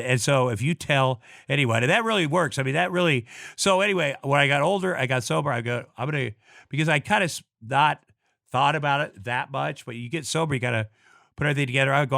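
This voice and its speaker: A middle-aged man from Iowa, a guest telling a personal story in casual talk, blunt and swearing often, halting with many restarts and repeated words. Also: mid-range voice, creaky, a bit bright, no echo, studio quality. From Iowa, USA.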